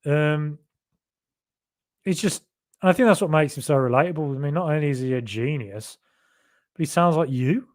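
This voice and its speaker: A man's voice: on the high side, normal speed, pauses often, a little mellow. Chatty man with faded Birmingham accent. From Solihull, Birmingham area. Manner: rambling, self-correcting, chatty. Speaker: podcast host. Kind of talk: casual livestream chat reading viewer comments.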